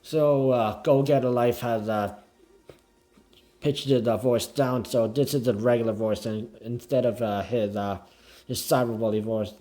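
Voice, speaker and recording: A man explaining himself haltingly in a clip, with constant fillers and restarts. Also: mid-range voice, steady tone, mellow, faint music behind. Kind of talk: recorded video narration.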